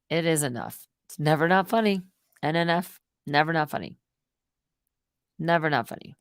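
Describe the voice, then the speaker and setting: Middle-aged lady streamer rambling away, goes loud then mutters, super dry close sound. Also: lowish voice, unhurried, clear, resonant tone, dry recording. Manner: animated, swings between loud outbursts and muttered asides. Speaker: live stream host. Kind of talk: casual rambling live stream commentary.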